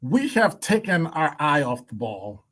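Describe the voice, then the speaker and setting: A man's voice: a little high, big pitch swings, measured pace, fairly bright tone. A male radio host giving blunt opinion commentary, emphatic and wry, stacking up rhetorical questions. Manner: blunt, wry asides and chuckles.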